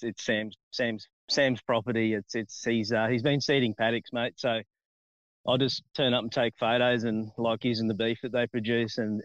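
A man's voice: mid-range voice, no room sound, muffled recording. An Australian man, a chef, chatting outdoors on a farm in a friendly, laid-back way. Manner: friendly, laid-back, says mate a lot. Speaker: chef and guest. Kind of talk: casual interview chat. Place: outdoors on a farm under a shady tree. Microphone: phone on a tripod on a ute.

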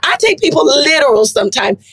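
A middle-aged woman guest on a chat podcast, telling lively stories and jumping into squealing high voices for herself. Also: fairly quick, dry recording. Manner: animated, swings into high squealing voices when quoting herself. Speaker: guest actress. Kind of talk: casual chat, lively storytelling.

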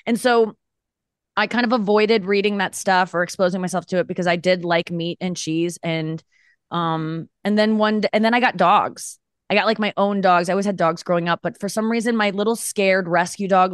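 A woman in her thirties, a comedian appearing as a podcast guest, chats casually in a candid, rambling, self-mocking way. Her mid-range voice is brisk and smooth, captured in a dry, clean studio recording.

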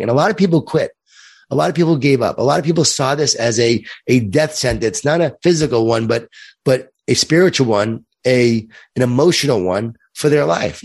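A man's voice: mid-range voice, fairly quick, a little mellow, husky. A man from Long Island with a light New York accent, a guest in an interview who speaks in an earnest, upbeat way and repeats words while he thinks. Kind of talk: interview conversation.

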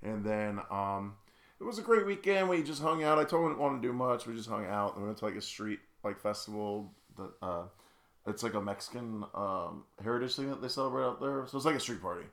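Bright-voiced man telling stories animatedly. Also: lowish voice, a little fast, creaky, reverberant. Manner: animated, laughs through his own stories. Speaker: podcast co-host. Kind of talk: casual chat, storytelling.

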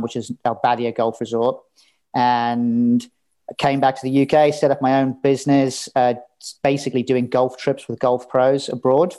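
A man chatting as a podcast guest, candid and easygoing. He tells stories at an everyday middle pitch and drops the odd swear word. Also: dark tone. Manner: candid, storytelling, swears casually. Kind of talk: casual interview chat.

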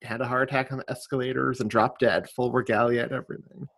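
A man with a mid-pitched voice on a podcast who tells lively anecdotes and speaks his mind plainly. He talks in an easy, casual way. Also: quick pace, gravelly. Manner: animated anecdotes, blunt opinions. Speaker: podcast co-host. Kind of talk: casual chat.

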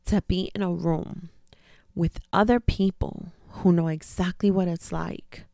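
A woman hosts her own podcast in a candid, chatty monologue, stacking repeated phrases for emphasis. Her voice sits low with a gravelly edge. The sound is dry and close. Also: fairly even intonation, a little slow, dark tone, dry recording. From daughter of immigrant parents. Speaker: podcast host. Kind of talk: casual personal monologue.

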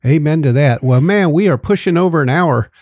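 A man hosting a talk radio show, wrapping up in a folksy, unhurried way with lots of pauses. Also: a little high, no echo. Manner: relaxed, folksy, halting with fillers. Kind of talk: casual chat.

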